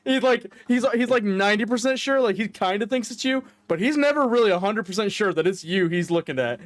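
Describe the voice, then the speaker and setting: A man's voice: high-pitched, lively intonation, a little fast, dry recording. A man co-hosting a podcast, chatting casually and swearing freely as he laughs through stories. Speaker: podcast co-host. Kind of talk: casual chat.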